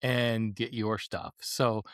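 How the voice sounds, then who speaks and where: A man's voice: fairly low pitch, flat delivery, takes it slowly, no room sound. Enthusiastic male podcast host, dry sound. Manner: enthusiastic, effusive praise, laughs a lot. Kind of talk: casual interview chat.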